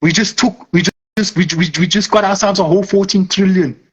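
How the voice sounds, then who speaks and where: A man's voice: sits high, fairly even intonation, brisk, husky, dull audio. A man voicing a boastful, hyped big-money trader in slangy banter.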